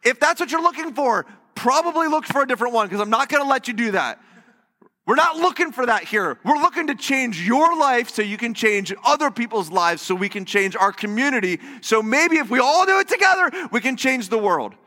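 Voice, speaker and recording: A man's voice: very high voice, fairly quick, long reverb tail. A man preaching a sermon as pastor in a church, telling stories animatedly and acting out the quotes. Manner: animated storytelling with acted-out quotes. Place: church sanctuary.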